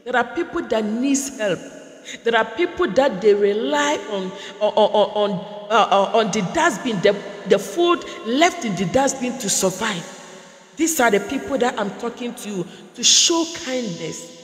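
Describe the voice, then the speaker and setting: A woman's voice: on the high side, animated, unhurried. A woman prophetess preaching a sermon, building through repeated phrases and acted-out dialogue. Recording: echoey hall with long reverb.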